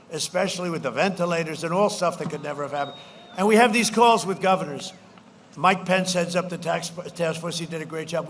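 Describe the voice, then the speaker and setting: A man's voice: fairly high pitch, a bit bright, a little hiss or hum. A man giving a campaign rally speech on a stage mic outdoors, repetitive and boastful, slipping into mocking quoted voices. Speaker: political speaker at a campaign rally.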